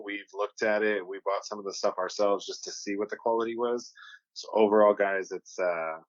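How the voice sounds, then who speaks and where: A man's voice: on the low side, no room sound, dull audio. A man co-hosting a podcast in casual chat, easygoing and plugging merchandise. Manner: easygoing, promotional asides. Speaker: podcast co-host. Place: home studio on video.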